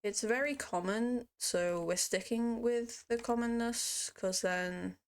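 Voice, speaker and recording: A woman's voice: fairly high pitch, slow pace, clean tone. A young woman narrating a game building tutorial in a playful, rambling way, full of self-mocking asides. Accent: puts on a mock accent at times. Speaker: Minecraft build tutorial creator. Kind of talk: casual screen-recorded game tutorial.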